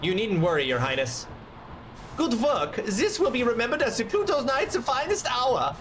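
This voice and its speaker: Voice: mid-range voice, animated, brisk, fairly bright tone, a little hiss or hum, natural voice. A streamer voicing a pompous, loyal knight captain in a formal manner, over game music. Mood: blustering. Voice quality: stiff and formal.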